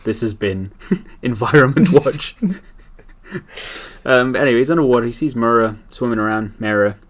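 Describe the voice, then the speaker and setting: A man's voice: medium pitch, moderate pace. A man hosting a casual podcast, animatedly retelling a story and laughing often. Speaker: podcast host.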